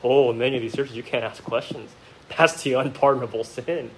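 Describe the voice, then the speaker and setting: A male pastor preaching a sermon to his congregation in a church. He talks to them directly with rhetorical questions and swings from quiet, reflective asides to emphatic outbursts. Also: medium pitch, fairly even intonation, brisk, a little hiss or hum, rough recording. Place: church sanctuary.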